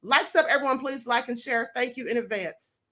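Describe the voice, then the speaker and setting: A woman's voice: fairly high pitch, normal speed, pushed and bright, slight background noise. A woman hosting a live stream, giving emphatic, opinionated commentary on news stories straight to her viewers.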